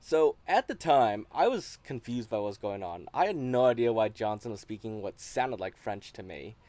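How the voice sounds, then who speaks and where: A man hosting a gaming video, explaining in a relaxed, casual way, with frequent restarts. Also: lowish voice, moderate pace, slight background noise. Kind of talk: casual commentary.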